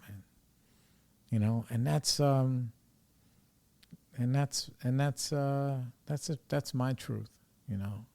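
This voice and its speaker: A man's voice: mid-range voice, slow pace, vocal fry, pauses often, a little mellow. A man from New York with a New York accent, hosting a recovery podcast in a casual, rambling monologue, loose and profane, full of "you know" and "like.".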